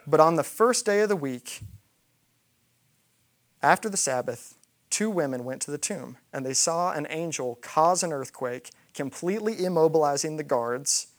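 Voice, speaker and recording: A man's voice: on the high side, lively intonation, moderate pace. Man preaching, dramatic storyteller. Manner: dramatic storytelling, acting out quoted lines. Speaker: pastor. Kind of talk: sermon retelling a scripture story.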